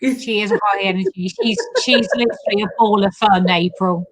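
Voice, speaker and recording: A woman's voice: mid-range voice, steady tone, moderate pace, a crowd in the background, poor audio. A woman co-hosting a casual livestream chat, teasing and laughing often. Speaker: co-host of online festival livestream.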